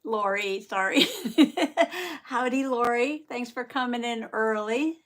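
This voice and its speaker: Unhurried, chatty older woman hosting. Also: fairly high pitch, a bit bright. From Southern Indiana. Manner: chatty, greets viewers by name, laughs often. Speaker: live-stream art host. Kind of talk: casual live-stream chat.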